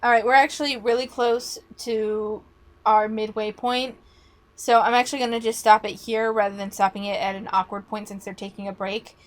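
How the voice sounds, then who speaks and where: A woman giving casual reaction commentary on a podcast, talking bluntly and argumentatively, swearing freely, her voice starting to go hoarse. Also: mid-range voice, level tone, normal speed.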